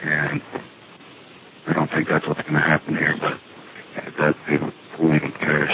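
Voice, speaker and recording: Flat low man on a noisy phone. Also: measured pace, vocal fry. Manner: dry, rambling, matter-of-fact. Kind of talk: casual phone monologue. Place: at an outdoor payphone. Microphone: phone handset. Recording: tinny phone line with noise.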